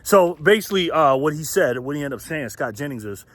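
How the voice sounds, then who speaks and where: A man's voice: on the high side, expressive, a little fast, a bit bright, dry recording. A man from the United States hosting his own commentary channel, ranting bluntly with profanity and laughing often mid-sentence. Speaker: political commentary channel host. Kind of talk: casual ranting commentary vlog.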